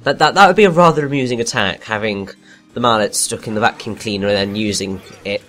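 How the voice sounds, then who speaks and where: A man doing animated, chatty co-commentary on a video game, often restarting his sentences. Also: on the low side, fast talker. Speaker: let's play co-commentator. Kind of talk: casual gameplay commentary. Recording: game music underneath.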